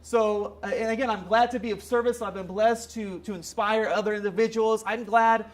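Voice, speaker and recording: A man giving a motivational seminar talk, telling stories in an animated way. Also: high voice, normal speed, background noise. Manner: animated storytelling with acted quotes. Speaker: motivational speaker.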